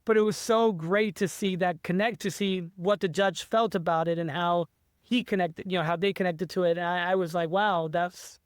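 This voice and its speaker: An eager man chats about his writing in a casual interview, his high voice smooth and resonant. He rambles and restarts his sentences often. The sound is dry and close. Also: fairly even intonation, brisk, no echo. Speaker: author being interviewed.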